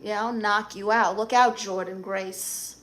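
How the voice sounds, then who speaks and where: A man puts on a brassy, flirty middle-aged auntie with a Spanish accent for a live-stream comedy chat, fussing over her fans and scolding trolls. The voice sits a little high and rings bright and sharp. She is dramatic and teasing. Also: steady tone, unhurried. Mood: sassy. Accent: Spanish-accented English. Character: sassy, flirty middle-aged Latina aunt. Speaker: livestream host.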